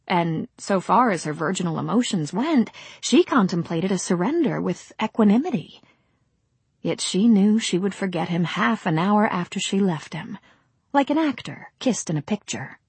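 A woman narrating an audiobook in a measured, literary reading. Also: medium pitch, darkish tone, breathy edge, no echo.

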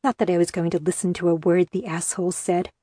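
A woman narrating a first-person novel in a measured, earnest way. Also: fairly low pitch, fairly even intonation, dark tone, no room sound, studio quality. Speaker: audiobook narrator.

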